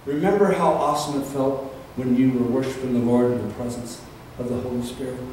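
A man preaching a sermon as pastor, telling a story that builds into fervent, shouted preaching. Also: medium pitch, steady tone, brisk, slight background noise. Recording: echoey room, distant mic.

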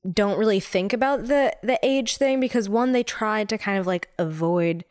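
A woman co-hosting a podcast in casual chat, talking quickly with lots of fillers and restarts. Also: mid-range voice, dry recording, clean studio sound. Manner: animated, talks fast with many fillers and restarts. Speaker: podcast co-host.

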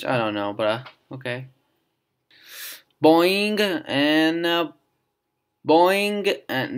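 Man muttering over a game, gravelly, lively pitch. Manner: frustrated muttering, swings between loud outbursts and quiet whispers. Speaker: gaming video host. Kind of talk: casual gameplay commentary.

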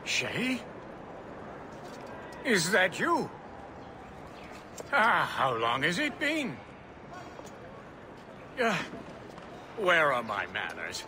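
A man's voice: on the high side, huge pitch swings, drawn-out words, long pauses, background noise, full character voice. An actor playing a courteous older male statesman with formal, polite old-fashioned speech in video game dialogue. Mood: earnest.

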